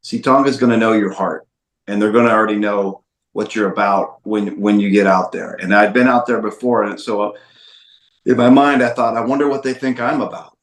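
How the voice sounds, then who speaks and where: A man's voice: on the low side, steady tone, moderate pace. Emphatic man telling a story, roomy sound. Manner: emphatic, repeats phrases for stress. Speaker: documentary filmmaker guest. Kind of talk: storytelling interview.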